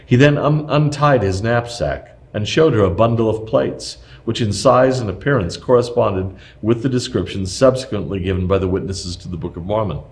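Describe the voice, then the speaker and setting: A man reading a scripted historical text aloud in a measured, steady way, with occasional small slips. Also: on the low side.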